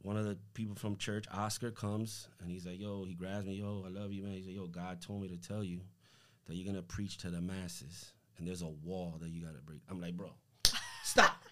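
A man giving a casual faith testimony as a podcast guest, slangy and animated, acting out what people said to him. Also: low-pitched, a little fast, slight background noise. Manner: animated, slangy, acts out quoted dialogue.

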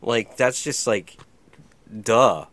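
A man's voice: medium pitch, expressive, fairly quick, a bit bright, no echo. A man co-hosting a podcast, telling rambling stories in casual chat, filled with "like". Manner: rambling storyteller, heavy on "like". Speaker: podcast co-host.

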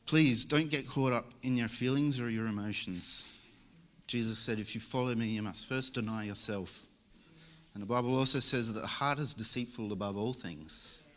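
A man's voice: mid-range voice, moderate pace, fairly bright tone. A young man preaching a church sermon in a casual, joking way. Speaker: lay preacher. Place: church service.

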